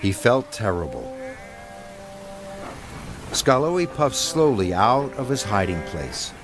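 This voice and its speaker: A man narrating a children's storybook in an expressive read-aloud manner. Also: lowish voice, takes it slowly. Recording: narration over background music.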